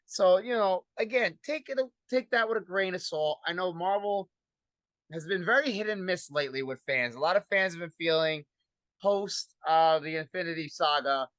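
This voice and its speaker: A man's voice: high voice, moderate pace, fairly bright tone, dry recording. A man with a Brooklyn accent hosting a casual podcast chat, rambling and repeating himself. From Brooklyn, New York. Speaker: podcast host.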